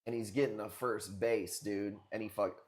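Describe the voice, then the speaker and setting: A man's voice: lowish voice, a little mellow. A young man hosting a live stream coral auction, chatting casually and cracking crude jokes with viewers. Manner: joking, rambling, crude banter with chat.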